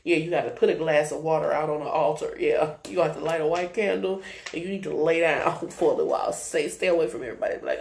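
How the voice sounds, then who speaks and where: A woman's voice: sits low, fast, creaky, darkish tone. Blunt, profane woman doing a tarot reading. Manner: blunt, profane, laughing asides. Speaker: tarot reader. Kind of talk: live-stream tarot reading. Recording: roomy echo.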